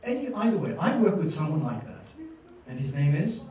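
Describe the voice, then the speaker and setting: A man giving a master-class lecture to students, an animated storyteller who acts out scenes and laughs often. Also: fairly high pitch, fairly quick. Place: university lecture room. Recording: echoey hall, distant mic.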